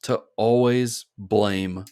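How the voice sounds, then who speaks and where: A man's voice: lowish voice, steady tone, drawn-out words, dark tone, clear, resonant tone, dry recording, studio quality. A man co-hosting a podcast in casual chat, laid-back and rambling as he reads listener mail. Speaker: podcast co-host.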